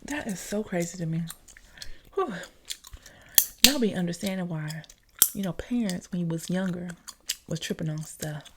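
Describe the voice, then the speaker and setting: A woman's voice: on the low side, lively intonation, a little slow, gravelly, pauses often, darkish tone, slight background noise. A woman chatting close to the mic in a casual gum-chewing ASMR video, ranting through a story with whispered asides. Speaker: ASMR creator. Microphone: close ASMR microphone.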